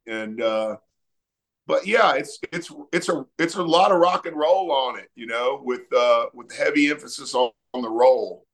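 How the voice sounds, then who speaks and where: This middle-aged man from Texas is a musician guest talking at normal speed in a mid-range voice. His interview manner is casual, drifting through stories with plenty of filler words.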